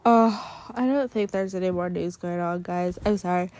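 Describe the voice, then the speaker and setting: Her phone held close, a young woman yawns and sighs through a casual solo podcast, rambling with fillers and sounding sleepy. She speaks at a moderate pace in a lowish, darkish voice, with no echo.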